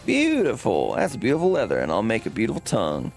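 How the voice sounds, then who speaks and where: A man's voice: fairly low pitch, wildly swooping pitch, fast, creaky, full character voice. A man voicing an odd, scheming male leather hunter with a British accent, drawling folksy lines and calling people mate over faint game music. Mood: gushing.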